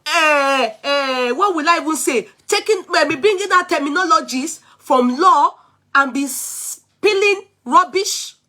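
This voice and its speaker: A Nigerian woman vlogger in an animated, chatty rant, switching freely between English, Yoruba and pidgin. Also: high-pitched, unhurried.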